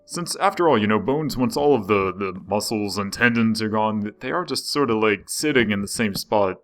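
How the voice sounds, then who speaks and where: Over soft background music, a young man comments on the game he's playing in a lowish voice with lively intonation and normal pacing. He's chatty and rambling, frequently cutting himself off mid-sentence.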